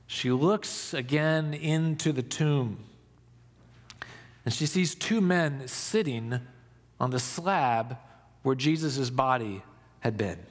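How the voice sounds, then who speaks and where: A pastor giving an Easter sermon, reflective and storytelling, dropping soft for emphasis. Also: male voice, medium pitch, in a large hall. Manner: slow, reflective, dramatic pauses, soft for emphasis.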